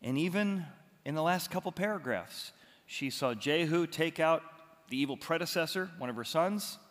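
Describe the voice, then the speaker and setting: Lively bright-voiced male preacher. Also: on the high side, normal speed, in a large hall. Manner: animated dramatic storytelling. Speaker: pastor. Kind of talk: expository sermon.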